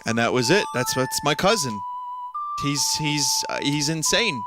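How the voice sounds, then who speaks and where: A man's voice: fairly high pitch, expressive, unhurried, over loud music. A man streamer telling a story in a casual, rambling way, full of restarts and side remarks. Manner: rambling with frequent restarts and asides.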